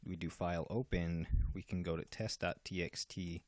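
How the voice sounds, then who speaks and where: A man's voice: deep voice, fairly even intonation, normal speed, a little mellow, no room sound. A man casually walking through the features of a game program he made, explaining step by step with fillers and restarts. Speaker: game developer demoing his software. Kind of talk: casual software walkthrough.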